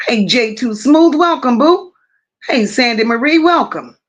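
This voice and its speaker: A woman's voice: fairly high pitch, lively intonation, unhurried. A woman hosting a casual livestream, greeting viewers and reading out their comments in a blunt, affectionate manner. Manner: affectionate, calls viewers "my love" and "boo". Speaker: livestream host.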